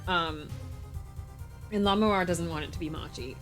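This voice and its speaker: A woman's voice: fairly low pitch, a little slow, over music. Giggly woman streamer playing a game. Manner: giggly, swears casually. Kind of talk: casual let's-play commentary. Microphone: desk mic.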